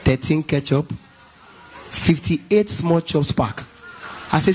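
A man with a Nigerian accent doing a lively stand-up routine at a church event, telling stories in pidgin and breaking into gospel song. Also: fairly high pitch, slow, noisy background. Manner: animated storytelling, mixing pidgin, bursting into gospel song. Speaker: stand-up comedian.

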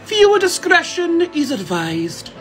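A man's voice: wildly swooping pitch, a little slow, a bit bright, faint music behind, exaggerated voice. A man voicing a gushing, theatrical English TV presenter in an exaggerated fake English accent. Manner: high, sing-song and overdone.

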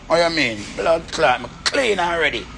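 A man's voice: a little high, very animated, moderate pace, creaky, bright, forceful tone, a little hiss or hum. A man with a Jamaican accent, rambling and swearing in a casual rant to his viewers. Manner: rambling, repetitive, swears often.

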